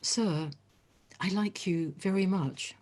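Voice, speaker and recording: A woman's voice: fairly low pitch, takes it slowly, darkish tone. A woman voicing a shy, polite young village boy who speaks earnestly, stammering a little as he asks his questions.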